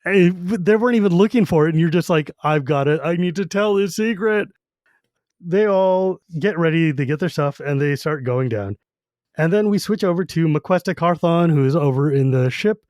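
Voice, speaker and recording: A man's voice: on the high side, a little fast, a little mellow, no room sound, studio quality. A man co-hosting a podcast, chatting casually about a book and acting out its characters as he retells it. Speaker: podcast co-host.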